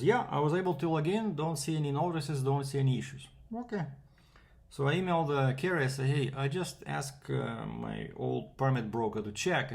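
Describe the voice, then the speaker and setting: A man's voice: medium pitch, creaky. A man from Canada, a freight broker, telling a rambling casual story with fillers and quoted back-and-forth.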